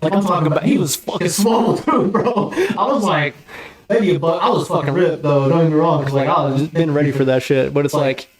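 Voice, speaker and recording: Man, podcast guest, animated, slang-heavy, profane, roomy echo. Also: fairly high pitch, a little fast, a crowd in the background. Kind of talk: casual storytelling.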